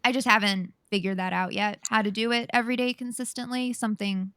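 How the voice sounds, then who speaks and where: Bright-voiced young woman rambling on a podcast. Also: a little high, steady tone, fairly quick, dry recording, studio quality. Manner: rambling, self-deprecating, laughs while talking. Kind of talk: casual podcast chat.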